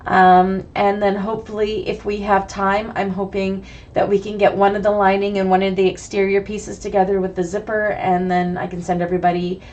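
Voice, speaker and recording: A woman with a cold, raspy and sniffly, chatting through a live online bag-making class and greeting viewers by name. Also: mid-range voice, flat delivery, fairly quick, darkish tone, highs cut off. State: sick with a cold, hoarse and sniffly. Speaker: bag-making sewing instructor.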